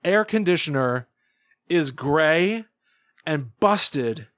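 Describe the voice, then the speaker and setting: Man, thirties, podcast co-host, casual chat, animated storytelling, dry close sound. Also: on the high side, very slow, no echo. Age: 30s. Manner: animated storytelling, acting out lines with laughs.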